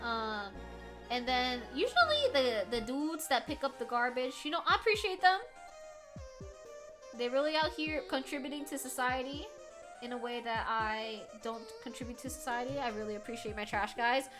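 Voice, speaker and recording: A woman streamer chatting casually with her viewers from a room at home while doing crafts, animated and swearing freely as she reacts loudly to chat. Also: on the high side, moderate pace, music in the background.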